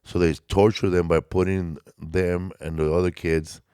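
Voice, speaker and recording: A man's voice: sits low, level tone, measured pace, warm tone, clean tone, no echo, clean studio sound. A man co-hosting a casual TV podcast, blunt and joking, with some swearing. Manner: blunt, profane, jokey. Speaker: podcast co-host. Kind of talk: casual chat.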